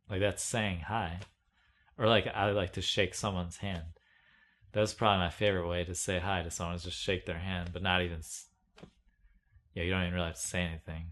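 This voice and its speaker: A man's voice: low-pitched, a bit bright. A young man rambling in a casual monologue, meandering and self-mocking, full of "like"s. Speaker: video blogger.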